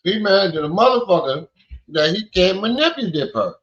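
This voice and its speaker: A man's voice: high-pitched, very animated, moderate pace, a bit bright, highs cut off. A man giving blunt, profane reaction commentary in casual slang.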